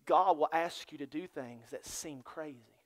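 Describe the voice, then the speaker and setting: A man preaching a sermon as pastor in a church, dropping to hushed near-whispers and then building to loud, excited storytelling. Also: a little high, measured pace.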